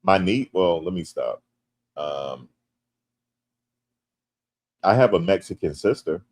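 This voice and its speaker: Deep-voiced joking American man streaming. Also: slow pace. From United States. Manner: animated and joking, rising loud when teased. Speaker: livestream host. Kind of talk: casual livestream chat, reading comments.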